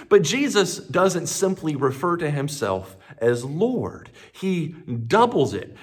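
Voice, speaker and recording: A man's voice: on the high side, slightly rough. A male pastor preaching a sermon with emphatic delivery, building up as he quotes scripture.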